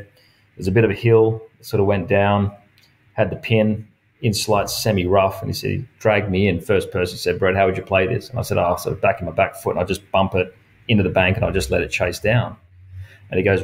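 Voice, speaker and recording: A man's voice: low voice, brisk. A man with an Australian accent, a golf pro and coach talking as a guest in a casual interview, telling stories and acting out quoted dialogue with frequent laughs. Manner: lively storyteller who acts out quoted dialogue; laughs often while talking.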